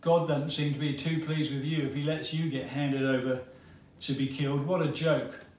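A man's voice: on the high side, steady tone, moderate pace, a little mellow, far from the mic, lightly acted. A man voicing a bitter, scornful crucified criminal who jeers in sneering taunts. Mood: mocking. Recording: roomy hall, voice from afar.

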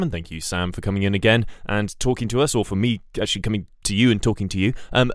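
A man's voice: lowish voice, no room sound. Rambling, hesitant man, dry close sound. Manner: rambling, hesitant, self-deprecating. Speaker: podcast host. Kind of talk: comedic podcast chat.

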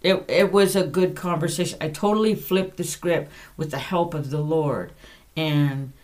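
A woman hosting a faith podcast, telling a personal story in a chatty, animated way and breaking off for side notes and corrections. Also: sits low, moderate pace. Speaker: podcast host.

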